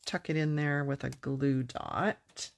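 A middle-aged woman walks through a craft tutorial in a low, unhurried voice. She chats casually and pokes fun at herself, laughing easily along the way. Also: fairly even intonation, gravelly. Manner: chatty, self-deprecating, laughs easily. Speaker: papercraft demonstrator.

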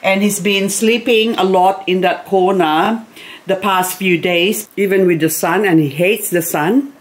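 A middle-aged woman chatting casually at home in a soft, slow way, now and then baby-talking to her pet bird. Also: medium pitch. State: grieving, recently teary. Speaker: gardening vlogger. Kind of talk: casual chat to camera. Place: home, indoors.

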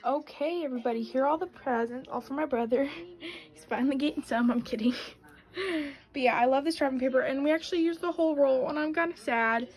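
A young woman chats casually in a vlog, her high-pitched voice moving a little fast over poor audio. She sounds bubbly and talkative, leaning heavily on "like" and "um."

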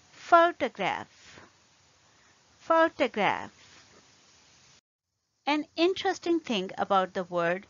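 A woman teaching an English pronunciation lesson, speaking deliberately and repeating example words carefully. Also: fairly high pitch, a bit bright, no echo, lo-fi sound.

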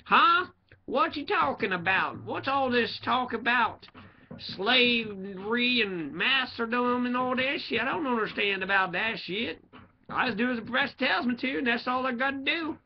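A man's voice: very high-pitched, moderate pace, a little hiss or hum, voice pushed up. A man putting on the voice of a clueless, obedient male student who asks whiny, baffled questions. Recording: dull lo-fi audio with faint music.

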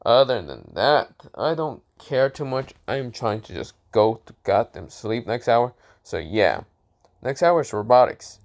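A man's voice: mid-range voice, very animated, a little slow, vocal fry, lo-fi sound. Man reading as a bored teen boy assassin, rude, sarcastic, swearing. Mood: dismissive.

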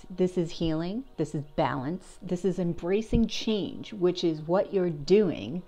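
A woman's voice: on the low side, moderate pace, warm tone, a little hiss or hum. A woman doing a casual tarot reading for her channel, chatty and encouraging, asking herself questions and answering them. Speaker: tarot reader.

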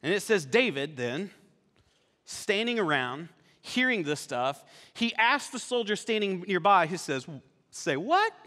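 A man who is a campus pastor, preaching a sermon in a casual, animated storytelling way. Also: high-pitched, measured pace, in a large hall. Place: church sanctuary.

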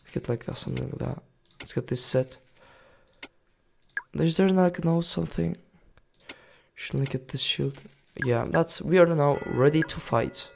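A young man giving excitable casual commentary while playing a game, reading its text aloud and yelling at enemies. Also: a little high, measured pace, creaky, pauses often, a little hiss or hum. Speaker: gaming YouTuber.

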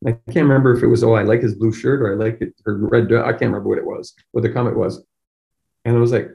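A man's voice: medium pitch, fast, gravelly, dark tone. A middle-aged man, a chiropractor, telling an emotional personal story in an earnest way, often repeating words as he goes. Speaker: chiropractor guest.

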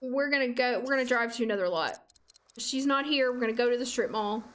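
A woman's voice: a little high, a little fast. A young adult woman chatting casually while streaming a game, laughing often and talking to the characters on screen. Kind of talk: casual gameplay livestream chat. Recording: faint music behind.

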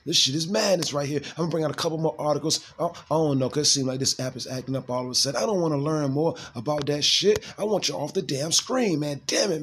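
A man's voice: a little high, slightly rough. A man reading news headlines and adding blunt, cursing, exasperated commentary in a casual style.

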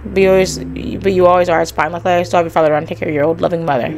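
Game dialogue: a woman reading a worried old mother who fusses over her grown son, low-pitched, plain read. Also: fairly even intonation, very fast, vocal fry, music in the background. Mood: fussing. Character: worried, fussing elderly mother of a raccoon.

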